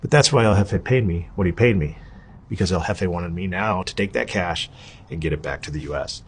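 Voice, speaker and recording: A middle-aged man with a husky voice, telling his story as an interview guest in an animated, profane, casual way. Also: sits low, a little hiss or hum.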